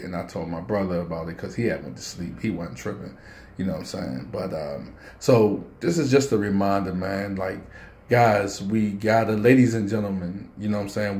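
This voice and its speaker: A man's voice: fairly low pitch, a little mellow, reverberant. A man, telling a personal story and speaking to parents in a casual, earnest vlog. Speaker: vlogger.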